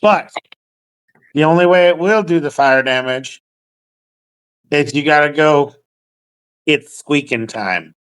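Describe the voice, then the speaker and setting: Slow-talking laid-back male dungeon master. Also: fairly high pitch, fairly bright tone, smooth, poor audio. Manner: laid-back, swears casually, laughs. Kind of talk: narrating a tabletop game.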